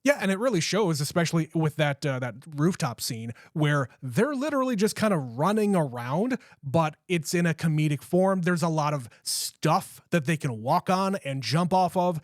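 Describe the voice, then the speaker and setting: Male podcast co-host, relaxed and blunt, casual profanity, dry sound. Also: on the high side, normal speed, hardly any pauses, no room sound. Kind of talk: casual movie chat.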